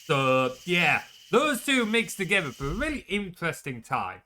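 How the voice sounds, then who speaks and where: A man's voice: on the high side, very animated, normal speed, few pauses, sharp tone, poor audio. A man with a Yorkshire accent giving casual, chatty commentary while streaming a game, swearing freely and answering his chat aloud. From Northern England.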